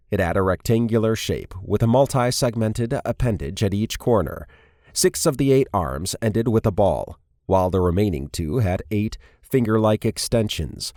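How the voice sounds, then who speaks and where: Deep-voiced male audiobook narrator. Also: no echo, studio quality. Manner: steady storytelling, varied character reads. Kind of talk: scripted narration.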